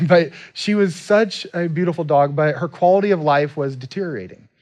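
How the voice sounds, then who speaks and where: A man at a church service leading community groups, talking to the congregation in an earnest way, going quiet when he is moved and rising when he urges. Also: fairly high pitch, normal speed. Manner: emotional, voice drops when moved, rises when urging. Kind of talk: sermon announcement.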